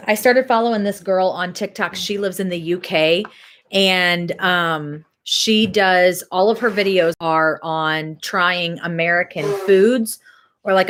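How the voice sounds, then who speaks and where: A woman, hosting a casual church chat, chatty and rambling and quick to laugh. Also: on the low side, fairly bright tone. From Missouri.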